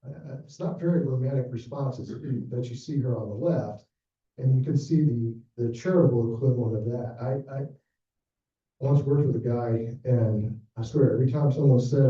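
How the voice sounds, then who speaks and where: A man's voice: medium pitch, moderate pace, mellow. Man lecturing in an echoey hall. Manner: storytelling, acts out quoted dialogue. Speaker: planned giving director presenting a workshop. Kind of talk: conference talk to fundraisers. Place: conference room with an audience. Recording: distant, echoey, dull room recording.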